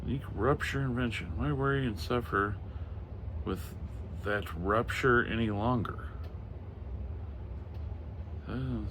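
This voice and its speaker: A man's voice: mid-range voice, takes it slowly, long pauses, fairly bright tone, a little hiss or hum. A middle-aged man chatting casually as he shows off old pulp magazines, reading titles aloud with wry muttered asides. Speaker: comic and pulp collector. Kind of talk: casual show-and-tell chat.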